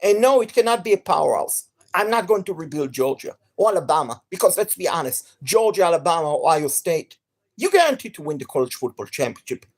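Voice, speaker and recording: A woman with an accent, an energetic and enthusiastic gaming streamer chatting live to viewers. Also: on the low side, fairly quick, husky. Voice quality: non-native accent.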